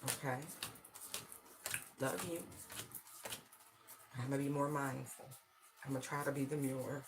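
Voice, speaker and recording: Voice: mid-range voice, flat delivery, unhurried, noisy background. An intense, slangy tarot reader giving a livestream reading and talking straight to viewers. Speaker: tarot and channeled-message reader.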